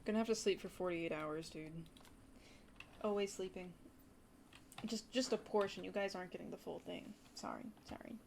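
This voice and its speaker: A young woman streaming a game, chatting and rambling to her viewers with excited gasps. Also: fairly low pitch, moderate pace, gravelly, long pauses, slight background noise. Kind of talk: casual livestream commentary.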